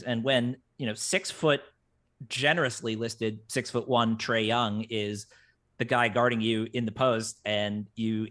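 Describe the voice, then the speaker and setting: A man talking as a podcast guest in a relaxed chat. His pitch sits in the middle of the range for men, and he works through his arguments with frequent fillers and small chuckles. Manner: analytical, filler-heavy, chuckling. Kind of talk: casual basketball podcast chat.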